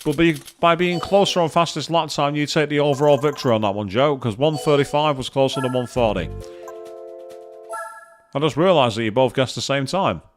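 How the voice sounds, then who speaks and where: A man chatting excitedly as he commentates his own racing game play, thinking aloud to viewers. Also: medium pitch, a little fast. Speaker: gaming streamer. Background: game music and engine sounds.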